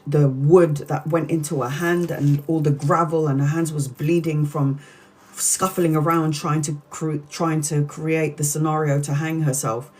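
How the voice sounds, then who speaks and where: A woman's voice: low voice, darkish tone. A woman, a tarot reader earnestly retelling a harrowing story from a book on a live stream, with many restarts.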